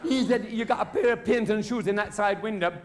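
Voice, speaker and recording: A man's voice: sits high, a little fast. A male stand-up comedian telling a bawdy pub story on stage, swearing freely and jumping between characters' voices. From England. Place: theatre stage. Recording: live stage mic with crowd and hum.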